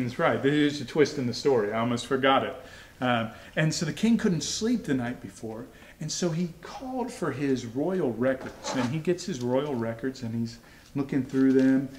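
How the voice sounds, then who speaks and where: A man's voice: mid-range voice, roomy sound, slight background noise. A man retelling a Bible story for kids in a casual, conversational way, lightly voicing each character in his own voice. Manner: conversational, acts out characters' lines in everyday voice.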